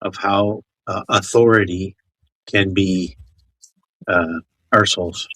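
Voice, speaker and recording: A man co-hosting a casual talk show, commenting in a measured, hesitant way. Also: low-pitched, steady tone, fairly bright tone, dry recording, poor audio. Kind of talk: casual chat.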